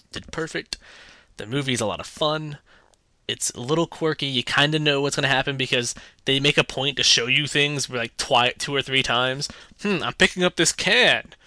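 A man's voice: mid-range voice, bright, forceful tone, dry recording. A young man giving a casual, chatty movie review with sarcastic asides.

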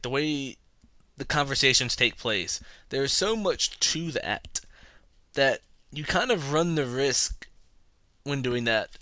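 A man's voice: mid-range voice, pushed and bright, no echo. A man from North Carolina hosting a movie podcast, rambling and joking at his own expense. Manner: self-mocking, joking, chatty. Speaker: podcast host and movie reviewer. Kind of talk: casual rambling monologue.

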